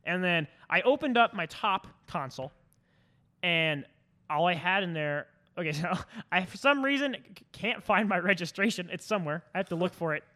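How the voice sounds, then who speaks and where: A young man telling stories on a casual podcast, swearing a lot and animated. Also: high voice, moderate pace. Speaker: podcast co-host.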